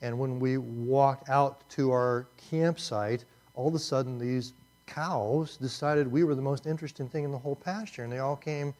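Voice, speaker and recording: A man's voice: mid-range voice, normal speed, darkish tone. Conversational man preaching on Job. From Indianapolis, US. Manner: conversational, asks the audience questions, frequent restarts. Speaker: pastor teaching a Bible study. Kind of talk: sermon with storytelling.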